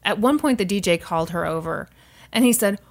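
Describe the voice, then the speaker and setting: A woman's voice: medium pitch, expressive, fairly quick. A woman co-hosting a podcast, telling a story in casual chat and acting out quotes in exaggerated voices. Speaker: podcast co-host.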